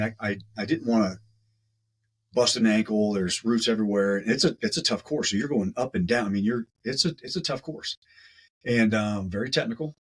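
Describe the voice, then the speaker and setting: On a podcast, a male guest with a low, husky voice tells a story casually and with animation, repeating words as he goes. His tone is fairly bright, and the recording is rough.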